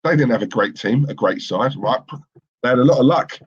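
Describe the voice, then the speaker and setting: A man's voice: mid-range voice, lively intonation, brisk, slightly rough, highs cut off. A man co-hosting a live football watchalong stream, chatting casually and reading out viewer comments in a rambling, opinionated way with lots of fillers and restarts.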